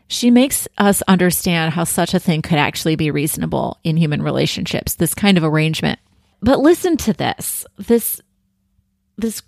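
Enthusiastic low-voiced woman reviewing a book. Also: creaky, no echo, clean studio sound. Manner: enthusiastic, thoughtful, with restarts. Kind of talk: casual book review talk.

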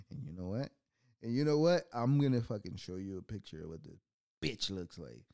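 A man's voice: lowish voice, a little mellow, no echo, studio quality. A young adult man hosting his own show, ranting casually with a lot of swearing and mocking laughter. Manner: profane, mocking, laughs often. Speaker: podcast host.

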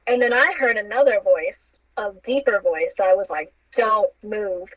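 A woman's voice: mid-range voice, moderate pace, no echo, low-quality recording. A young woman casually recounting a story, acting out the quoted lines with playful asides. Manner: animated, acts out quotes with playful asides and laughs.

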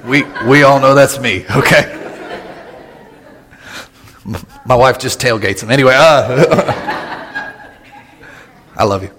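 Joking pastor in a reverberant church. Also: male voice, medium pitch, wildly swooping pitch, a bit bright. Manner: joking, conversational, with quick asides and laughs. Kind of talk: casual humorous sermon. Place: church sanctuary. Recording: long hall reverb in a church.

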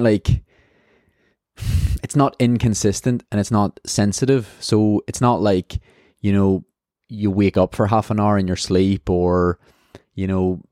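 Brief: Australian male podcaster, low mellow voice, dry close sound, candid and rambling. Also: no echo. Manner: candid, rambling, swears freely. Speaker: podcast host. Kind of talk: casual race debrief.

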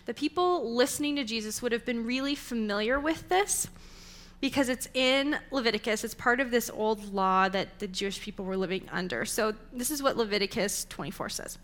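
A woman's voice: fairly high pitch, a little fast, a bit bright. A young adult woman giving a sermon in a conversational, storytelling way. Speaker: preacher.

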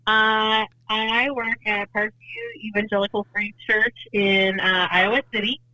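A woman's voice: mid-range voice, level tone, measured pace, pushed and bright, dry recording, rough recording. A woman who works at a church, a friendly guest chatting on a podcast. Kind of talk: casual interview.

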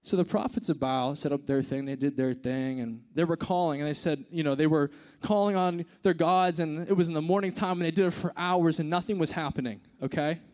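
A man delivers a sermon in a relaxed, conversational way, his voice sitting fairly high. He drops low and quiet for dramatic moments, then climbs into emphatic bursts. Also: fairly quick, hardly any pauses. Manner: conversational, swings from hushed to emphatic.

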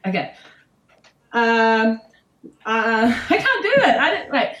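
A woman's voice: on the high side, very animated, takes it slowly, pauses often, a bit bright, low-quality recording. A woman with a New Zealand accent, a podcast guest who laughs easily and hesitates as she talks about horse training. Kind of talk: casual interview chat.

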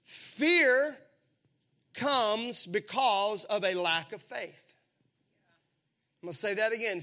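A man preaching a sermon, animated and calling on the congregation to answer back. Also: sits high. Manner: animated, calls for congregation responses. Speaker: pastor.

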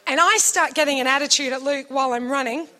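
A middle-aged woman telling a story in a sermon, animated and acting out quotes with laughs. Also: high voice, fast. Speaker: preacher.

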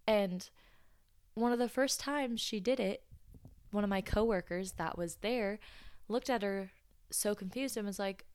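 A young American woman hosting a podcast, telling stories in a chatty, animated way and laughing along with them. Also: mid-range voice, moderate pace, clean tone, no room sound. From United States. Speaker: podcast host. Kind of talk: storytelling podcast.

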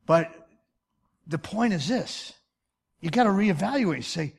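A man's voice: high voice, lively intonation, slow pace, gravelly, husky. A man in his fifties preaching a sermon as pastor, emphatic and folksy, full of rhetorical questions. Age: 50s.

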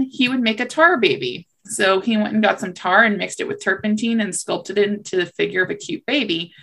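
A woman's voice: mid-range voice, gravelly, a bit bright. A young adult woman hosting a podcast, telling a folktale in a casual, chatty way with wry asides. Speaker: podcast host. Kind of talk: casual storytelling chat.

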